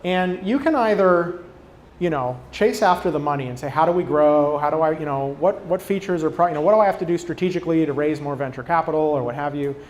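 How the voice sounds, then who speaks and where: A man speaking from a conference stage in a loose, conversational way, full of fillers and restarts. His voice sits a little high, and he acts out quoted customers with lively voices. A faint hum runs behind him. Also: fast. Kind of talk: conference talk.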